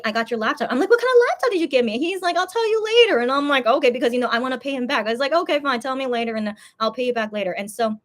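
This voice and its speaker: A young adult woman hosting a casual livestream, telling a story in an animated way, full of fillers and repeated words. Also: on the high side. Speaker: livestream host. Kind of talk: casual live-stream chat.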